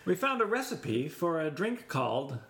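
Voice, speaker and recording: A man co-hosting a cocktail podcast in relaxed, joking chat. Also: fairly high pitch, moderate pace. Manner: joking, laughs often. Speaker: podcast co-host. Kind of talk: casual chat.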